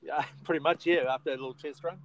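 A man's voice: fairly high pitch, steady tone, fast talker, crowd noise, low-quality recording. A man with an Australian accent hosting a casual podcast chat, easygoing and bantering with his co-host.

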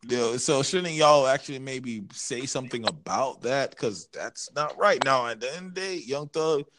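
Male podcast co-host, AAVE, animated, wide pitch swings, rants loud then drops low. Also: normal speed, noisy background. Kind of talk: casual podcast banter.

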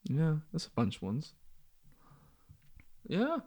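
A young man in a casual chat about movies, telling stories with lots of fillers and sudden excited jumps in pitch. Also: slow pace. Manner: chatty storyteller, many fillers, jumps up in pitch when excited.

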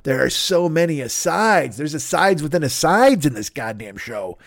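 A man's voice: fairly high pitch, expressive, moderate pace, creaky, no room sound, studio quality. A man hosting a podcast, chatting casually and riffing on tangents with crude, jokey humor. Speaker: podcast host. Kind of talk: casual, rambling promo chat.

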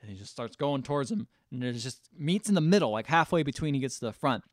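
A man co-hosting a podcast, casually retelling a film's scenes and acting out the characters' lines in quick voices. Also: medium pitch, lively intonation, no echo, studio quality. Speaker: podcast co-host. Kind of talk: casual movie recap chat.

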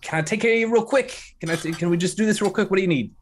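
A man's voice: sits high, a little hiss or hum, pitched above the performer's own voice, natural voice. A man voicing a jumpy, foul-mouthed half-elf barkeep who stammers and curses when flustered. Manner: frazzled, stammering, quick to curse.

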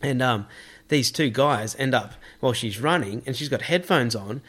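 A man's voice: mid-range voice, normal speed, fairly bright tone, breathy edge. Laid-back man in chat. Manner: laid-back, swearing, storytelling. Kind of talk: casual chat.

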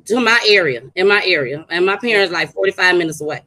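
Bright, forceful woman co-host, loud and animated, swears a lot. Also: lowish voice, fast, rough recording. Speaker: podcast co-host. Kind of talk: casual chat and storytelling.

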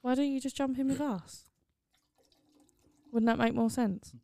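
A woman's voice: high-pitched, steady tone, unhurried, warm tone, no echo. A woman co-hosting a casual chat podcast, teasing her brother with dry sarcasm. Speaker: podcast co-host.

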